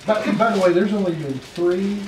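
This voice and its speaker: A man hosting a seminar who chimes in warmly with remarks and thanks. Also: sits high, moderate pace. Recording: echoey room from a distance, noisy.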